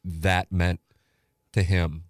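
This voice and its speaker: Very deep-voiced man hosting an interview. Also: little pitch movement, drawn-out words. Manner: conversational questioner with brief backchannel replies. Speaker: podcast host. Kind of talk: casual interview.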